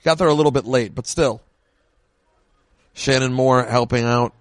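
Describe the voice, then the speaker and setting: A man's voice: mid-range voice, moderate pace, no room sound. A man co-hosting a podcast, chatting casually and jokingly while watching an old wrestling match, with rambling asides. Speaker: podcast co-host.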